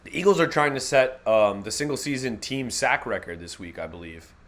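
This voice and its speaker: A man with a mid-range, somewhat bright voice and lively intonation hosts a live fan reaction stream. He calls each play of the game casually, cracking jokes, tossing in slang, and quickly fixing his own slips.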